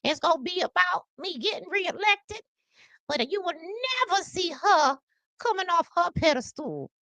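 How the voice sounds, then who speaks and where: A woman putting on the voice of an elderly woman lawmaker, high and squeaky like a cartoon grandmother, speaking in slow, drawn-out, stately phrases. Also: big pitch swings, bright, forceful tone, no echo, full character voice, rough recording. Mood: haughty.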